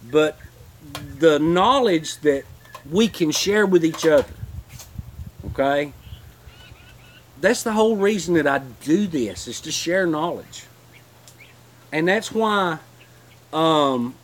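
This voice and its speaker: A man's voice: on the high side, slight background noise. A man hosting a homesteading channel, telling rambling, heartfelt stories in a casual livestream.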